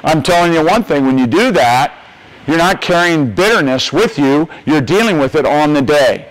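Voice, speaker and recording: An older man from the United States speaks at a coaches clinic in a motivational coaching style. His voice sits a little on the high side. He is emphatic and folksy, and he hammers his key points home by repeating them. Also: lively intonation, normal speed, low-quality recording.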